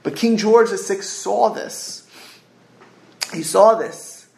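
Gravelly, high-voiced man preaching. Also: slow pace, a little mellow. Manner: earnest, repeats and restarts words, rising emphasis. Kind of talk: sermon storytelling.

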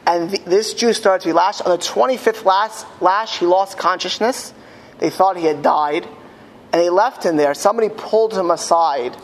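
Man telling a story in a reverberant hall. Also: a little hiss or hum. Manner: halting restarts, rises to loud high cries in quoted speech. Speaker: speaker telling a story to an audience. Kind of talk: impassioned storytelling talk. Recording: long hall reverb, faint ambience.

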